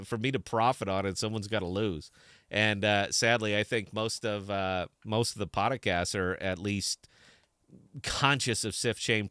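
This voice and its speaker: A man's voice: fairly low pitch, pushed and bright, clean tone, dry recording, studio quality. A man hosting a live podcast stream and talking to camera in a rambling, distracted way with many restarts. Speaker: podcast host.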